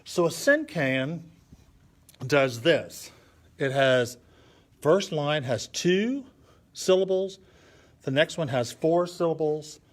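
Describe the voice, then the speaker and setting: A man's voice: on the high side, lively intonation, slow, long pauses. A man teaching children a drawing and poetry lesson on a live stream, patiently counting syllables aloud as he thinks and draws. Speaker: art and poetry instructor for kids.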